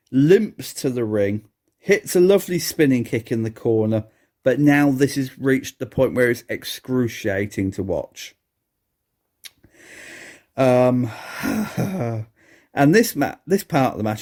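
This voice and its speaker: A man speaks slowly in a dark, mellow voice, hosting a solo review podcast. He is sarcastic and dry, and keeps breaking into laughter at what he describes. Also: medium pitch. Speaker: podcast host.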